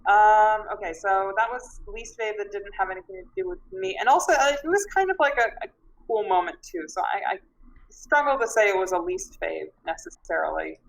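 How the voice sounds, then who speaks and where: A woman's voice: mid-range voice, animated, a little fast, creaky, poor audio. A woman talks through her thoughts after a tabletop session, casual and searching for the right words. She is a player who also draws the group's characters, and she takes her time weighing each point. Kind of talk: casual feedback chat after a game session.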